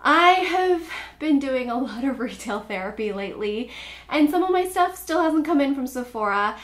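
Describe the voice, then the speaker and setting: A young woman talks through a casual beauty haul in a chatty, upbeat way, filling her sentences with "like". Her voice sits a little high. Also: animated, normal speed. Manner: chatty, upbeat, filler-heavy with frequent "like". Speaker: beauty vlogger.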